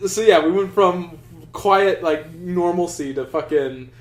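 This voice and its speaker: A man's voice: fairly high pitch, measured pace. A young man co-hosting a podcast, telling a rambling story in casual chat, full of restarts and swearing. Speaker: podcast co-host. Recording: roomy echo.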